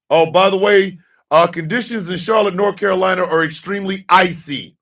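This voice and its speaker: A man running a livestream morning show jokes in animated bursts, repeating and restarting words and occasionally shouting. He has a high voice, talks briskly and sounds far from the mic.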